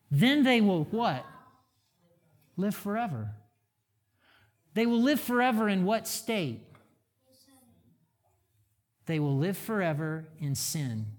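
A middle-aged man, a pastor and father, preaching a conversational sermon full of rhetorical questions. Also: high voice.

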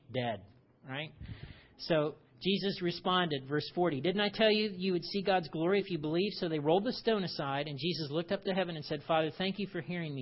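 A man preaching a conversational sermon, animated and full of rhetorical questions. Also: a little high, lo-fi sound. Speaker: pastor.

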